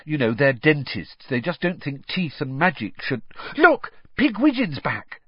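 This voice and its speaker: A man voicing a clever, bossy teenage schoolgirl in an audiobook reading, with a brisk, precise manner. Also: medium pitch, breathy edge, no echo, voice pushed up, close to an everyday voice. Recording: dry, slightly muffled.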